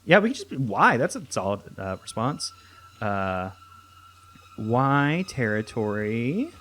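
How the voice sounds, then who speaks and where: A young man chats casually over a game, thinking aloud in loose, rambling sentences full of restarts. He speaks at an unhurried pace, his voice sitting mid-range but swinging lively up and down. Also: mid-range voice. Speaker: let's play host. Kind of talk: casual gameplay commentary.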